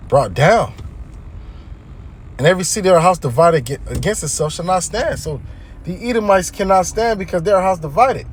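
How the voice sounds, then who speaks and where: A man's voice: fairly high pitch, slight background noise. A man teaching scripture in a casual preaching style, reading verses aloud and explaining them in plain talk while often checking in with his listeners. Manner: conversational, keeps checking in with listeners.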